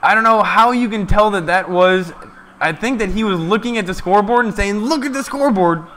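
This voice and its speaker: A man giving casual, excited live play-by-play of a ball game from a stream, chatting to his viewers. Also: sits high, fairly quick, a little hiss or hum.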